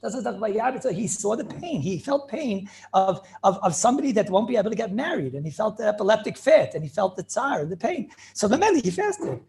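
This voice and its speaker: A man's voice: sits high, sing-song, brisk, creaky, hardly any pauses, darkish tone. A man, a rabbi, telling inspirational stories, repeating phrases and dropping Yiddish and Hebrew words into his talk. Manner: retells stories with many repeated phrases and restarts.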